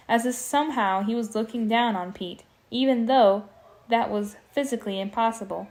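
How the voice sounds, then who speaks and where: A woman's voice: mid-range voice, moderate pace. A young woman reading a horror story aloud in an amateur style, tripping over words and breaking in with joking asides. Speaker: audiobook reader. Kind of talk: casual amateur audiobook reading with commentary.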